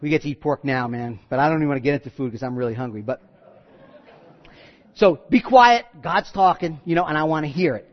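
A man's voice: medium pitch, rapid-fire, few pauses. Joking chatty preacher guy, kinda muffled sound, big echoey hall. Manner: conversational, joking, acts out quotes. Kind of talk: sermon. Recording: dull sound in a reverberant hall.

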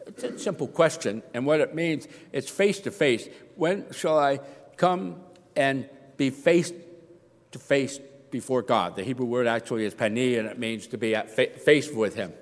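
A middle-aged man preaching an earnest sermon, acting out the voices he quotes. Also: medium pitch. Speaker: pastor. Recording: long hall reverb.

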